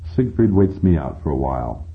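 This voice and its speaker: Deep-voiced man narrating an audiobook. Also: sing-song, normal speed. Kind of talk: first-person audiobook narration. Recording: tinny phone-like sound.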